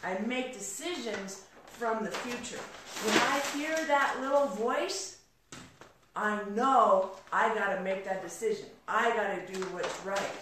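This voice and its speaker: A woman telling a motivational story as a mentor, animated, moving between hushed and excited. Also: medium pitch, unhurried, distant mic, background noise. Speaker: mentor and speaker. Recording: very echoey room, from off-mic.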